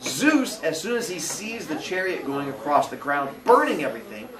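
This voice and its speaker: Male teacher, animated storyteller, fairly high voice, echoey classroom with the mic set off at a distance. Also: normal speed, a crowd in the background. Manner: playful, acts out characters, asks the class questions.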